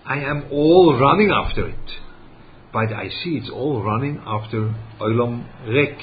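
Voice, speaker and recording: A man giving a religious lesson, halting and searching for words as he poses rhetorical questions. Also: medium pitch, lively intonation, a little hiss or hum. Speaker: rabbi teaching Torah. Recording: dull lo-fi recording.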